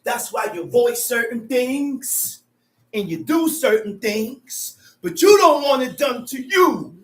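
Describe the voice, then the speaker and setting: A man preaching on justice, loud and emphatic, often repeating words as he drives his point home. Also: very high-pitched, lively intonation, takes it slowly. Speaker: teacher. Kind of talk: street preaching. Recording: echoey, distant mic.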